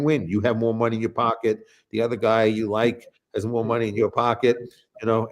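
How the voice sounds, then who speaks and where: Male host, lower voice, loose rambling delivery, blunt and crude. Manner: rambling, many restarts and fillers; blunt and profane. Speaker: show host. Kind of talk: casual political talk.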